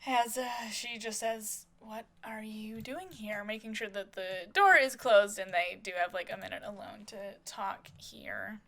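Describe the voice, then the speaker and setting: A woman narrates a life-sim soap opera as she plays, describing each action in a casual, meandering way. Her voice is bright and forceful, with a gravelly fry, and her speech is full of fillers. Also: mid-range voice, measured pace, few pauses.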